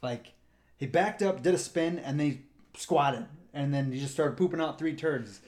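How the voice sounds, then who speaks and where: A man with a high-leaning, darkish voice speaks at an ordinary speed. He co-hosts a casual podcast and, as a park ranger, tells a rambling tale from the park, putting on voices for the people in it.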